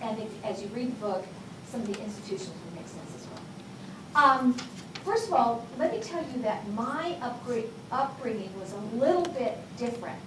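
A woman in her sixties, raised in Texas and working as a college instructor, gives an informal, rambling public lecture, addressing her audience directly. Her voice is a little high and very animated, at a moderate pace. The recording has an echoey room, a distant mic and background noise.

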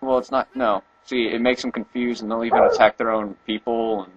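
A man's voice: mid-range voice, fairly even intonation, brisk, dull audio, heavy background noise. A man giving laid-back gameplay commentary, explaining strategy and cursing jokingly. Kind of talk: casual walkthrough commentary.

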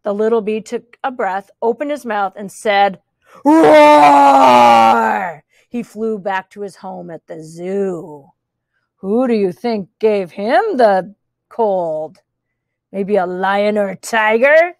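A woman reading a children's picture book aloud in an animated, playful way, commenting on the pictures. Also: medium pitch, takes it slowly, dry recording, studio quality.

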